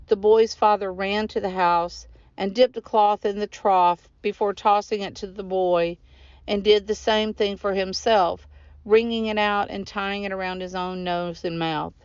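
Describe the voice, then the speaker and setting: Smooth-voiced woman reading her novel aloud. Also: medium pitch, no room sound. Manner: steady, measured narration. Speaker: author. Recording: dull lo-fi recording.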